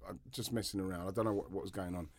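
Over a noisy background, a middle-aged man who used to be a footballer talks rapid-fire in a low voice with fairly even intonation. Co-hosting a podcast, he rambles through a long story in casual chat, laughing and starting over again and again.

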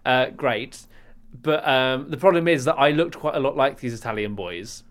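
A young English man co-hosting a podcast, telling stories in a wry, casual way with deadpan asides. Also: mid-range voice, normal speed. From England. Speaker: podcast co-host. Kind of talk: casual chat.

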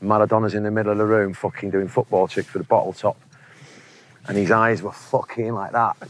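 A man's voice: on the low side, little pitch movement, a little fast, slight background noise. Mancunian musician in his forties, swearing and laughing through anecdotes, faint ambience behind. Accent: Manchester. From England. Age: 40s. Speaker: interview guest, musician. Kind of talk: casual storytelling interview.

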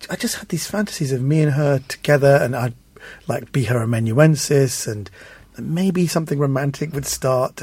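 A man guest telling animated anecdotes in an interview, acting out the voices of people in his stories. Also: a little high, husky, no room sound. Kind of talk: anecdotal storytelling.

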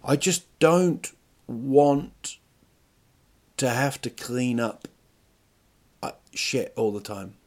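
A man's voice: medium pitch, expressive, extremely slow, pauses often, darkish tone. A middle-aged man hosting a podcast, rambling through a crude comic monologue with stop-start phrasing and rhetorical questions. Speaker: podcast host.

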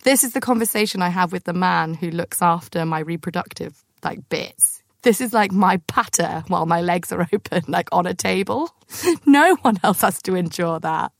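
A woman's voice: on the low side, normal speed, gravelly, no room sound, clean studio sound. A woman hosting a podcast, telling breezy, self-mocking stories with lots of "like". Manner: breezy, self-mocking, many filler likes. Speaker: podcast host. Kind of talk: chatty anecdote storytelling.

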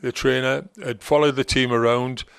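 An older man with a Geordie accent and a gravelly, creaky voice, recounting old stories in an unhurried, rambling way full of ums and restarts. His voice sounds close and dry, with no room around it. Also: medium pitch, fairly even intonation, fairly bright tone, no echo. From North East England. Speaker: guest, former football manager. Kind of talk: relaxed anecdotal storytelling.

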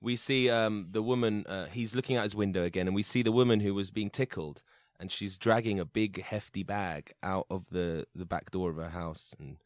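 A man hosting a comedy podcast, narrating and setting up an improvised scene in a brisk, chatty way. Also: on the low side, no room sound, studio quality.

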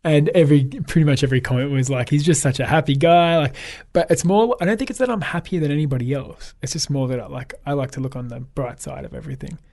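A man's voice: mid-range voice, fast, vocal fry, darkish tone. An Australian man, a photographer guest, chatting casually in an interview and telling upbeat anecdotes. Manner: upbeat anecdotal storyteller, acts out quoted dialogue.

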